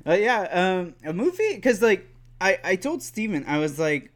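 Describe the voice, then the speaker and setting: Slow-talking man hosting a podcast. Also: on the high side, expressive, fairly bright tone. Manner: halting, filler-heavy speech. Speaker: podcast host. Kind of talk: casual chat.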